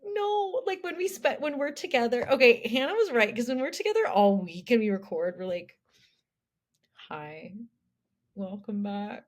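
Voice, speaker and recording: A woman's voice: high-pitched, sing-song. A young woman co-hosting a podcast, chatting loosely about a TV show and filling her talk with "like". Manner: chatty, full of "like" and quick restarts. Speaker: podcast co-host. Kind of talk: casual chat recapping a TV show.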